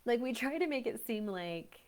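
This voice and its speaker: A woman breathwork coach talking on a live stream, chatty and animated, often acting out what other people say. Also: on the high side, moderate pace. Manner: frequent fillers and restarts. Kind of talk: live-stream teaching talk.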